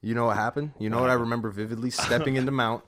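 A man's voice: medium pitch, steady tone, rapid-fire, fairly bright tone. A young man co-hosting a podcast, boasting and needling his friend in casual banter. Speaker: podcast co-host.

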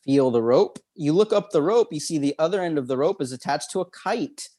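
A man's voice: fairly high pitch, expressive, brisk, dark tone. A man with a slightly raised voice talks a listener through a vivid memory exercise. He is upbeat and instructive and chuckles often. He is a guest on an interview. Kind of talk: guided visualization in an interview.

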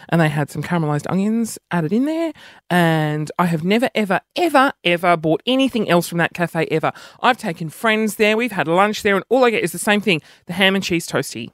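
A man's voice: sits high, a bit bright, no echo, studio quality. A man with an Australian accent, chatting in a rambling, self-mocking vlog monologue that jumps between topics. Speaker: vlogger. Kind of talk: casual monologue to camera.

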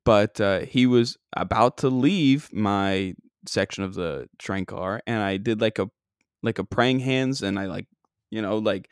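A man's voice: lowish voice, unhurried, clean tone, no echo, clean studio sound. A man from Long Island, rambling casually through a funny story with lots of fillers and self-deprecating asides. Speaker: comedian podcast host.

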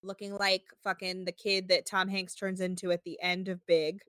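A woman co-hosting a casual recap podcast, talking in an animated way with lots of swearing and acting out what people said. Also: fairly low pitch, moderate pace, no echo. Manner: animated, swearing, acts out quotes in exaggerated voices. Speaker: podcast co-host.

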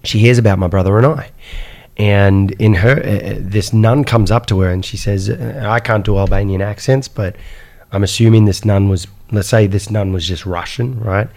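A man from Iraq telling his life story as a guest, in an animated way with frequent fillers and "right?". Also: on the low side, moderate pace. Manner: animated, repeats "right?" and "insane", many fillers. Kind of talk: personal storytelling in conversation.

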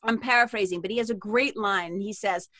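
A woman with a Boston accent, chatting as a podcast guest in a lively, rambling way with frequent laughs. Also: medium pitch, a little fast, no echo. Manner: chatty and animated, given to tangents and laughter. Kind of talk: casual interview chat.

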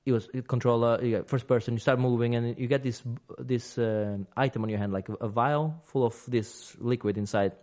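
A man's voice: mid-range voice, steady tone, brisk, hardly any pauses, a little mellow. A man hosting a casual games podcast, talking at length, restarting sentences and laughing easily. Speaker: podcast host.

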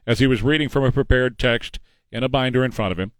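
A middle-aged man hosting a talk show, delivering a combative, sarcastic political monologue at a fast clip. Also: mid-range voice, dry recording. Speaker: radio talk show host.

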